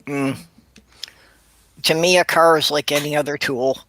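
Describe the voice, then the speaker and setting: Brief: man, bright tense tone, wry and practical panel remarks. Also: a little high, steady tone, a little slow, no echo, poor audio. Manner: matter-of-fact, wry. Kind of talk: casual group chat.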